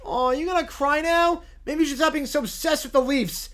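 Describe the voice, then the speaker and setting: A man's voice: extremely high pitch, fairly quick, fairly bright tone. A text-to-speech voice playing a gloating bald boy who taunts a sore loser. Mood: taunting. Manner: taunting, smug. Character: gloating bald boy bully, rival fan.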